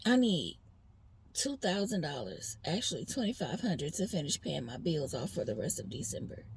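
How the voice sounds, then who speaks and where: A woman's voice: medium pitch, slight background noise. A woman vlogger venting in a rambling personal monologue, talking straight to her viewers.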